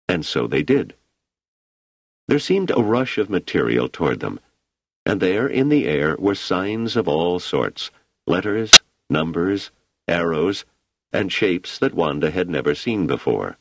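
A man narrating an audiobook with an expressive, dramatic reading. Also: low-pitched, unhurried, creaky, dry recording.

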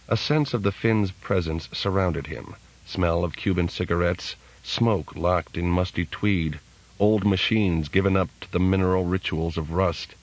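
A man narrating an audiobook in a steady, measured way. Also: low voice, poor audio. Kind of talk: scripted narration.

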